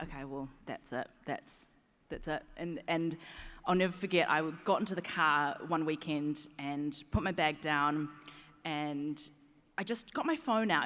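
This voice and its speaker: Woman, low-ish pitch, animated storytelling, laughing asides, panel talk. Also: in a large hall. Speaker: actress on a game panel. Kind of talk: panel anecdote.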